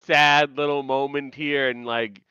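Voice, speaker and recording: A man's voice: medium pitch, steady tone, measured pace, pushed and bright, clean tone. A young man in casual chat, echoing and riffing on his co-host's jokes with a laugh. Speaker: podcast co-host. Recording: muffled lo-fi mic.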